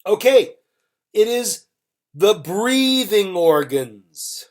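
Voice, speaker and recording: Very slow, deliberate English teacher. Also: female voice, mid-range voice, sing-song, darkish tone. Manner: slow, deliberate, repeats words and example sentences. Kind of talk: online vocabulary lesson.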